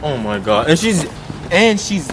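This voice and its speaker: A man vlogging a story time, swearing freely and jumping to loud outbursts when he quotes people. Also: fairly high pitch, a little slow. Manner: animated, swearing, loud bursts when quoting. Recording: noisy outdoor street sound.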